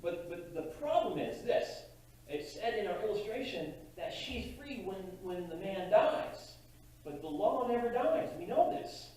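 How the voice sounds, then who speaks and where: A man preaching a sermon as pastor, in a conversational, halting way with frequent restarts. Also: high-pitched, very animated, a little mellow. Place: church sanctuary. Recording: distant mic in a very echoey church hall.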